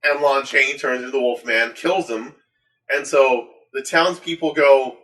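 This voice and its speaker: A man's voice: medium pitch, moderate pace, a bit bright. A man in casual chat, telling a story wryly with clipped punchlines. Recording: voice from a distance from the mic.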